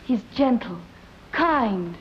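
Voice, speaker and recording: A proud young woman with a cool, haughty manner. Her voice sits a little high. It comes through a dull, faintly hissy 1940s soundtrack. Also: animated, slow.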